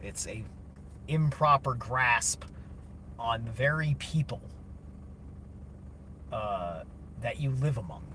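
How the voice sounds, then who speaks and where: A man's voice: medium pitch, lively intonation, takes it slowly, pauses often, bright, forceful tone, a little hiss or hum. Blunt, foul-mouthed man ranting on stream. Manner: heavy swearing, blunt. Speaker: streamer reading chat. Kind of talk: casual opinionated monologue.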